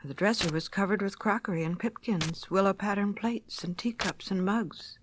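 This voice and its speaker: Brief: female storyteller, soft children's story reading, middle pitch. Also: normal speed, a little hiss or hum.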